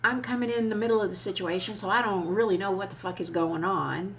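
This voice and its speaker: A woman vlogger telling a story in an animated, chatty way, with casual swearing. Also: mid-range voice, quick pace, a little hiss or hum.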